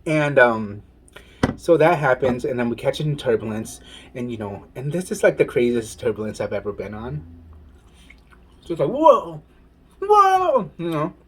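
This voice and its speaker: A man vlogging while eating, telling a story in a casual, animated way and saying "y'all". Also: mid-range voice, moderate pace, pauses often, slight background noise. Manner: animated, says "y'all" and "oh my goodness". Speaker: mukbang vlogger.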